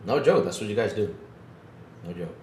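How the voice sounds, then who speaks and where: A man's voice: fairly low pitch, lively intonation, normal speed, darkish tone. A man co-hosting a podcast, giving casual gaming commentary in an emphatic, ranting way that repeats his points. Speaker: podcast co-host. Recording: echoey room with faint background noise.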